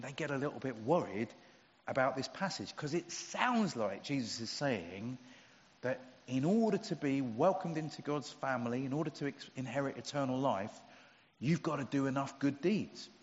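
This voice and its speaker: A man's voice: medium pitch, expressive, normal speed. Middle-aged male preacher, easygoing and funny, dull recording with a long church echo. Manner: conversational, humorous, emphatic. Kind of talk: sermon. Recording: dull sound with long hall reverb.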